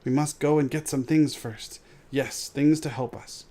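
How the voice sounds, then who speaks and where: A man's voice: steady tone, unhurried, warm tone, natural voice. A man voicing a slimy, desperate cave creature who hisses and wheedles while reading a storybook aloud. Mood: wheedling. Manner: hissing, wheedling, shrill when upset.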